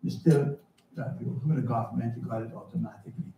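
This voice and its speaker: A man preaching a sermon as pastor, animated and storytelling, sometimes shouting. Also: medium pitch, fast talker, lo-fi sound, slight background noise. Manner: animated, shouting at times, storytelling with acted dialogue. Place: church. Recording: echoey church hall, mic at a distance. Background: congregation answering.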